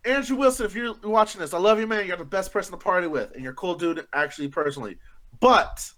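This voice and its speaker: A man co-hosting a podcast, telling animated jokey stories in casual banter. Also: sits high, fast. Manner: animated, joking storyteller. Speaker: podcast co-host.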